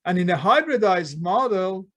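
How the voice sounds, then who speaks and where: A man lectures a chemistry class in a slightly higher-than-average voice. He keeps tossing questions at the room and answering them himself, dropping plurals and articles as he goes. The delivery is conversational classroom teaching. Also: animated, normal speed. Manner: quizzes students with frequent rhetorical questions; non-native grammar, dropped plurals and articles. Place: lecture hall.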